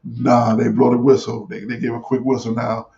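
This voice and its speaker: A man's voice: medium pitch, level tone, moderate pace, creaky, dark tone. A man hosting a sports talk show, giving casual, rambling commentary with many fillers and restarts. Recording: dull lo-fi recording.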